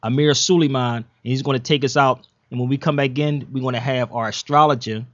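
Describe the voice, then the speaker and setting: A man's voice: medium pitch, steady tone, fairly quick, a bit bright, no room sound. A man hosting an internet talk radio show, chatting casually and enthusiastically with loose slang. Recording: dull lo-fi internet radio stream.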